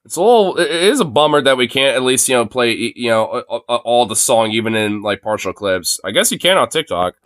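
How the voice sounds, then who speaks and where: Young male streamer host, casual swearing rambler, smooth dry tone. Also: medium pitch, big pitch swings, fairly quick, few pauses, a bit bright, no room sound. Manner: rambling, laughs often, swears freely. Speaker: streamer host reacting to videos. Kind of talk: casual reaction chat.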